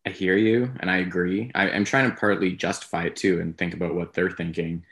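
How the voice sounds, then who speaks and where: A man co-hosting a podcast, talking through his views in a casual, rambling, measured way. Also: low voice, fairly even intonation, fairly bright tone. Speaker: podcast co-host. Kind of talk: casual sports talk.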